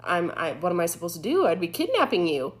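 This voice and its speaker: A woman's voice: on the low side, fast talker. A young woman, a former EMT, casually retelling a frightening experience with lots of fillers. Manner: animated, filler-heavy retelling. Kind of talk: casual storytelling.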